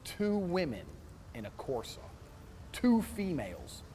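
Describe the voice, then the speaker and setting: A man's voice: sits high, big pitch swings, a little slow, warm tone, in a large hall, slight background noise. A man telling an indignant, swear-filled story and acting out what the other people said. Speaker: storyteller in a played clip. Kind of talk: profane animated anecdote.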